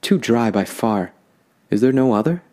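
A man's voice: mid-range voice, expressive, moderate pace, mellow, close to an everyday voice. A man voicing a lonely, picky young man who turns things down in a sulky, dismissive way. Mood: weary.

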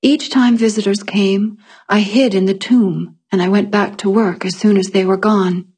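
A woman with a husky, slightly rough voice reads a first-person fantasy story aloud. Her delivery is calm and measured, in the manner of scripted fiction narration. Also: medium pitch.

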